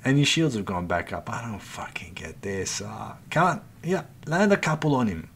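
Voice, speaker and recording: A man's voice: lowish voice, sing-song, normal speed, vocal fry, a bit bright, a little hiss or hum. A man hosting a gaming channel, giving an exasperated, swear-filled running commentary as he plays and talks to himself and to his viewers. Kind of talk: live gameplay commentary.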